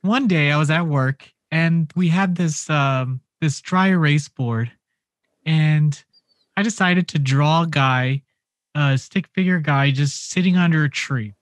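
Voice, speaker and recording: A young man on a podcast, telling a story in a lively, animated way, swearing and acting out the quotes. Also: on the high side, measured pace, dry recording. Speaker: podcast co-host. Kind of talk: casual podcast chat.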